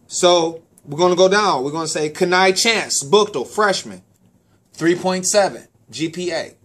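A man hosting a local sports talk show, who is also a parent and a sports official. He gives casual, animated shout-outs, repeats words and stumbles on names. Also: high-pitched, unhurried.

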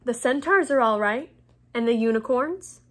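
A woman reading the lines of a determined teenage boy wizard in a voice close to her own, plain and steady. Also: fairly high pitch, moderate pace. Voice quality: plain, steady, sometimes muttered.

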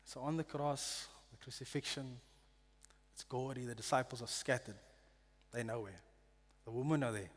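A man preaching a sermon in a church hall, reading scripture earnestly and dropping to a hush on solemn lines. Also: mid-range voice, steady tone, moderate pace. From South Africa. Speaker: pastor.

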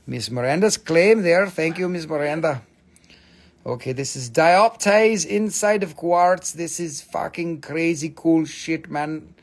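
Excitable, higher-pitched man selling crystals. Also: measured pace. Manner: excitable, swearing, playful, non-native phrasing. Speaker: live sale host. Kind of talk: live-stream crystal sale.

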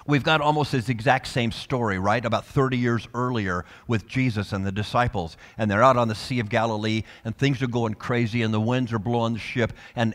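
A male pastor preaching a sermon with passion, dropping to soft tones and then rising to loud calls. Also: medium pitch, long reverb tail. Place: church sanctuary.

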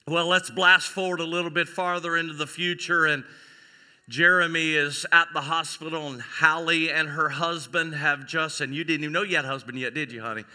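A man pastor preaching a sermon, telling an animated story and acting out the people in it. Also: on the high side, a little fast. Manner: animated storytelling, voicing characters in a skit. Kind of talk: sermon with acted illustration. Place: church sanctuary. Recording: church sanctuary with long reverb.

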